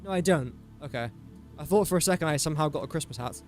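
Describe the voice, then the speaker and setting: A man's voice: fairly high pitch, quick pace, a little mellow, soft background music. A man talking to himself in casual gameplay commentary, rambling and easily sidetracked. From England. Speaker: gaming streamer.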